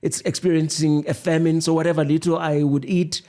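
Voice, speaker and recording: A man co-hosting a podcast, speaking in a fairly high voice. He is earnest and chatty, and he tends to run on in long, winding stretches. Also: flat delivery, brisk, a little mellow. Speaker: podcast co-host. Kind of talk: casual chat.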